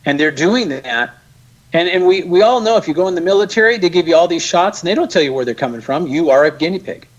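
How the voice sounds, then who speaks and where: Animated, sarcastic male guest. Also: fairly high pitch, quick pace, highs cut off. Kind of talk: casual interview chat.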